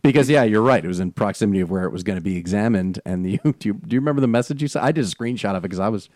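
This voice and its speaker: A man co-hosting a casual chat, animated and laughing often, talking fast. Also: on the low side, no room sound. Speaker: podcast co-host. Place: Los Angeles area.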